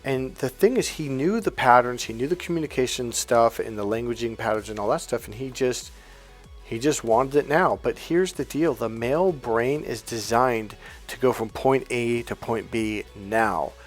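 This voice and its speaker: A man's voice: mid-range voice, normal speed, faint music behind. A middle-aged man coaching on dating, telling a story in a blunt, emphatic, profane way. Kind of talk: casual storytelling advice monologue.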